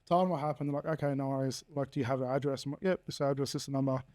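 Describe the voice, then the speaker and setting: A man's voice: medium pitch, fairly even intonation, very fast, a little mellow. An Australian man in his thirties, a podcast guest telling his story bluntly, swearing freely and acting out quoted dialogue. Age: 30s. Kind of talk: candid personal storytelling.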